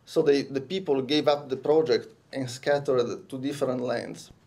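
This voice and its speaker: A man with an Italian accent presents a talk at a conference. His voice is dark and mellow. He speaks haltingly, restarting phrases and filling pauses as he feels his way through the English. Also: medium pitch, fairly even intonation, gravelly. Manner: hesitant, many restarts and fillers. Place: conference room.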